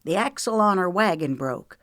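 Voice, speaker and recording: An uneasy man who delivers his words hesitantly, as a woman narrator reads him in a storybook. The voice sits a little low for a woman. It is dry and close, with no room sound. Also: lively intonation, normal speed, a bit bright, no room sound. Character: uneasy grown man bringing news.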